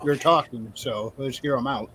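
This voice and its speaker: A man's voice: medium pitch, normal speed, crowd noise, poor audio. A man playing in a tabletop game, chatting casually and asking direct questions. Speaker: player.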